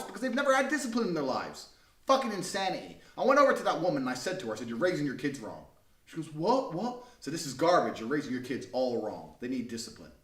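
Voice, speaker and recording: A man's voice: high voice, a bit bright. Aggressive, swearing man ranting. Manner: aggressive, profane, contemptuous. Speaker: vlogger. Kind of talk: ranting monologue. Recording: roomy, mic at a distance.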